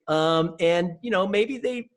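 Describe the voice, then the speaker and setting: Upbeat high-voiced man talking as a guest. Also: slow pace. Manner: upbeat and enthusiastic, tags lines with "right?" and "you know". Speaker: guest speaker. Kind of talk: conversational interview.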